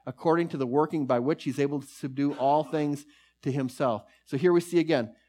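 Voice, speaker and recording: A man's voice: fairly high pitch, dark tone. Man preaching a sermon. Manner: storytelling with slow, emphatic pauses; reads scripture passages aloud.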